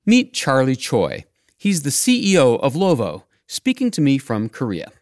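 A man's voice: medium pitch, wildly swooping pitch, normal speed, a little mellow, no echo, clean studio sound. A man hosting a podcast, narrating his script in a wry, playful way. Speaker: podcast host.

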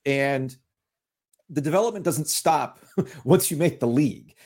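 A man's voice: a little high, measured pace. A man hosting a sports podcast, chatting casually and joking with mock indignation. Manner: animated, jokey, mock-indignant rants. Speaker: podcast host.

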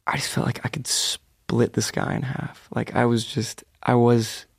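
A young man in his twenties tells a story with an animated, excitable delivery, slipping into whispers for quoted lines. His voice has a gravelly fry, recorded close and dry. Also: medium pitch, a little slow, no room sound. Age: 20s. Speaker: guest singer.

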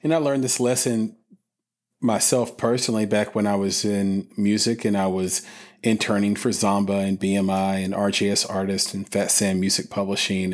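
A man hosting a podcast, asking questions in a loose, conversational way with fillers and restarts. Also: low voice. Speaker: podcast host. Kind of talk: casual interview chat.

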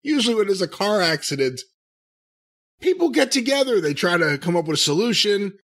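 A male podcast co-host with a high, lively, bright voice, giggling and egging the host on. The banter is loose and playful. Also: brisk. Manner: laughing, teasing sidekick.

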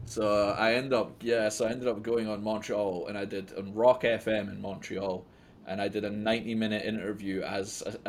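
A man's voice: lowish voice, level tone, fairly quick, gravelly. A Scottish man in his thirties, a poker player telling stories in a casual interview, rambling and self-mocking, swearing freely. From Scotland. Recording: faint background noise.

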